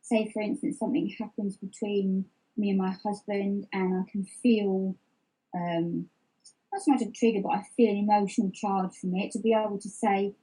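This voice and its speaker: Speaking with a warm, breathy-edged voice of medium pitch, this middle-aged woman keeps her intonation fairly even and her pace moderate. She is a reflective, candid interview guest in an open personal conversation, frequently restarting sentences and filling pauses. The audio is poor.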